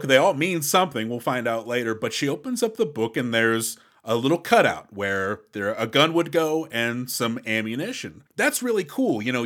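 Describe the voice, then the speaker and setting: A man's voice: mid-range voice, a bit bright. A man co-hosting a movie review podcast, talking through scenes with enthusiasm. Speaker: podcast co-host. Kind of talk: casual movie review chat.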